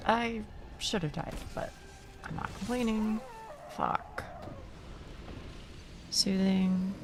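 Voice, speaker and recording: A woman streamer with a gruff, gravelly voice chatting casually while gaming, rambling and cutting herself off. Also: medium pitch, drawn-out words, noisy background. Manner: rambling, self-interrupting, laughs often.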